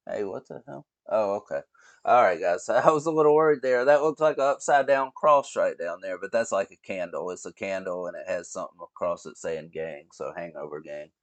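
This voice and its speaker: A man's voice: fairly low pitch, no echo. A man hosting a reaction video, rambling and swearing as he talks straight to his viewers. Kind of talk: casual reaction commentary.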